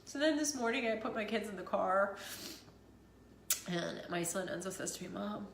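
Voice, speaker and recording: Teary mom vlogger in an echoey room. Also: female voice, medium pitch, expressive, normal speed, gravelly, a little hiss or hum. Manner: tearful, rambling, self-deprecating, laughs through it. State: teary after crying. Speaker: vlogger, mother of two. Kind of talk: emotional personal vlog.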